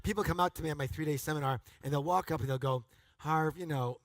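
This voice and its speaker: A man giving a motivational seminar talk to a live audience, energetic and emphatic, often calling on the crowd to answer or repeat after him and bursting into loud, punchy exclamations. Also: fairly high pitch, rapid-fire, no room sound. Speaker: seminar speaker.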